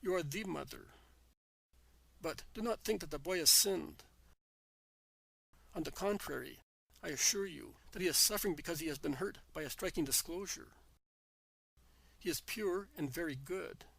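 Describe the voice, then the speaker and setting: A man reading the part of Jesus, a calm, gentle teacher, in a measured, solemn way. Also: a little high, gravelly, husky, dry recording, exaggerated voice, rough recording.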